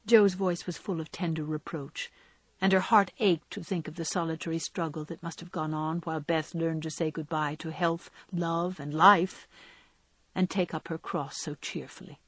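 A woman narrating a novel in a gentle, measured reading style. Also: sits low, steady tone, husky, no echo. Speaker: audiobook narrator.

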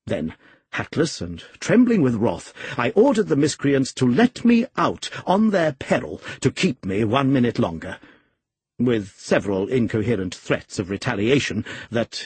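Husky man reading a novel aloud. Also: mid-range voice, very animated, unhurried, darkish tone, no echo. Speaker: audiobook reader. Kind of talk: scripted novel narration.

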